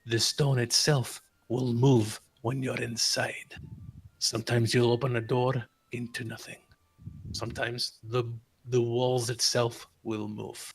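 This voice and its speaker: A man voicing a weathered old former adventurer who speaks in a low, hushed, secretive way. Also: little pitch movement, slow, vocal fry, husky, full character voice. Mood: guarded.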